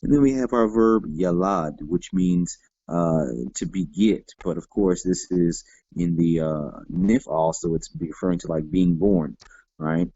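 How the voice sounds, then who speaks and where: A Hebrew teacher with a very low, mellow voice teaches a grammar lesson at an unhurried, deliberate pace. He patiently explains each form step by step, checking in with the class and saying "all right" a lot. The recording is dry, somewhat dull, and lacks clarity, with no echo.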